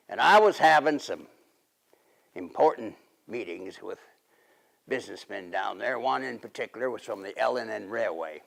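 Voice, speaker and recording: A man's voice: medium pitch, gravelly. A middle-aged man, playing a folksy, rambling 1880s riverboat man and husband in a period monologue.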